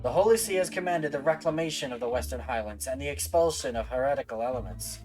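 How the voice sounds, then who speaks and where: A man voicing a stately male knight commander, reading the game dialogue slowly, loudly and formally. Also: music in the background, close to an everyday voice, poor audio. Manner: formal, slow and booming.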